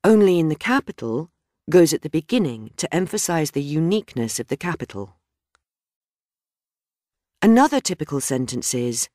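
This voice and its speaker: A woman reading a scripted grammar lesson in a measured, explanatory way. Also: sits low, sing-song, dark tone, dry recording, clean studio sound. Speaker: grammar teacher. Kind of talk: scripted instructional narration.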